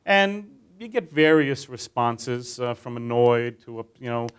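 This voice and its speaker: A man's voice: mid-range voice, unhurried, clear, resonant tone. A man leading a training class through a guided teaching tale, talking animatedly and quizzing his listeners. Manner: animated, addresses listeners with questions.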